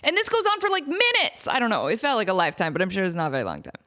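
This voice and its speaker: A woman in her thirties hosting a podcast, telling a comic family story in an animated way and acting out the people in it. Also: mid-range voice, racing. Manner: animated, often laughing, acts out the people in her stories. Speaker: podcast host.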